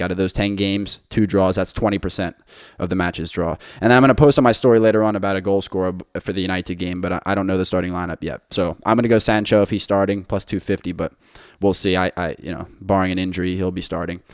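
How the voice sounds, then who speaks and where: A man's voice: low voice, no room sound, clean studio sound. A man hosting a podcast, giving his betting picks in a confident, chatty monologue to listeners. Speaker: podcast host.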